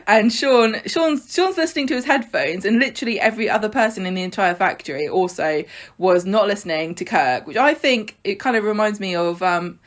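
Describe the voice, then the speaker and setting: A woman's voice: mid-range voice, lively intonation. Woman, podcast co-host, casual chat, jokey, stop-start phrasing. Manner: chatty, jokey, with halting restarts. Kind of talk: casual chat recapping a soap.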